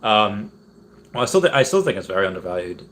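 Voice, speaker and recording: A man's voice: on the low side, fast. Chatty young man hosting a stream. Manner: relaxed, rambling, frequent ums and restarts. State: sore throat from long talking. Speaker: livestream host. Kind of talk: casual livestream chat reading comments.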